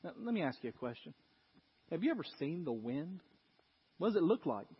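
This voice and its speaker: Preacher guy, highish voice, tells it like a story, muffled lo-fi church recording w/ long echo. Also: fairly quick, husky. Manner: animated storytelling, acts out people's voices. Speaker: pastor. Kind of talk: sermon. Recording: echoey hall, dull lo-fi sound.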